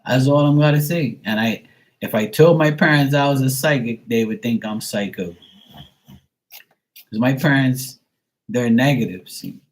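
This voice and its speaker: Hosting a live stream, a middle-aged tarot reader speaks in a mid-range voice at normal speed, pausing often. His reading comes across as casual chat, blunt and rambling with many filler words.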